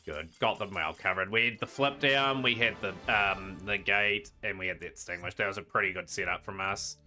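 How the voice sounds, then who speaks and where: A man casually commenting while he streams a card game, rambling and trailing off into quiet asides. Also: deep voice, a little fast. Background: game music.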